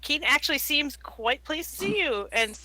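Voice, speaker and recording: A woman playing in a live tabletop game, describing her character's moves in a rambling, giggly way full of fillers. Her voice is on the high side and very bright. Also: lively intonation, normal speed. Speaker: player. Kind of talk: casual tabletop role-play.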